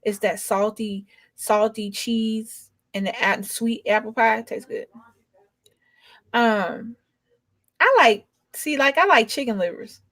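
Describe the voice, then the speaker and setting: A woman's voice: fairly high pitch, takes it slowly, fairly bright tone, dry recording. A young adult woman rambling in casual chat, drawling and emphatic as a co-host.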